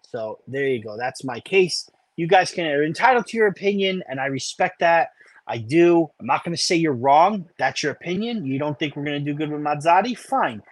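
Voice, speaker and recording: A man's voice: a little high, expressive, brisk, no echo. A man co-hosting a sports podcast, ranting in casual chat and repeating himself for emphasis. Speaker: podcast co-host.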